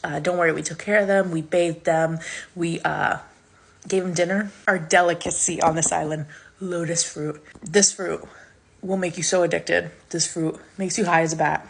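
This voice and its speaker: A woman's voice: fairly even intonation, normal speed, gravelly, husky. A woman voicing overfriendly, creepy island villagers who gush as they push lotus fruit on guests. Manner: gushing, high and eager.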